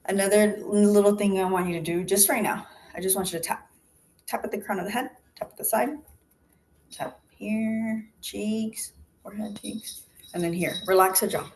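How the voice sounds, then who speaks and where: A woman leading a face yoga class over a video call, giving calm step-by-step cues and counting breaths. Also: medium pitch, moderate pace. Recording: video call audio with faint background noise.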